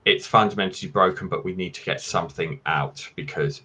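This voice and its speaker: A man speaking as a guest in a casual panel discussion over a video call, explaining in a steady, measured way. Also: sits low, husky.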